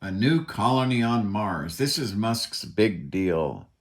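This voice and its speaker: A man's voice: lowish voice, very animated, takes it slowly. A man ranting in a solo commentary, angry and emphatic, swearing often. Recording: echoey room.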